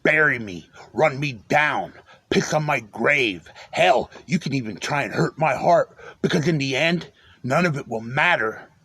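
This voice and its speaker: A man's voice: medium pitch, expressive, unhurried, bright, forceful tone, slightly rough, dry recording. A man cutting a defiant, threatening wrestling promo.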